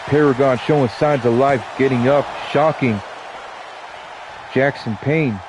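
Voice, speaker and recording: A man's voice: medium pitch, a little slow, crowd noise, noisy background. A man with a stuffy nose doing casual wrestling play-by-play commentary, dropping joking asides between his calls.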